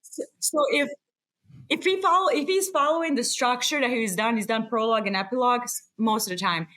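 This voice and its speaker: A woman's voice: a little high, brisk, a bit bright. A woman co-hosting a podcast in casual chat, confidently explaining her theories and swearing casually. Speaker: podcast co-host.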